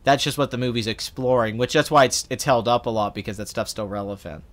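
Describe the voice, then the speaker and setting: A man with a medium, fairly even voice talks fast with a slightly bright tone. Hosting a casual film livestream, he answers chat earnestly and at length about films, rambling with plenty of restarts and fillers.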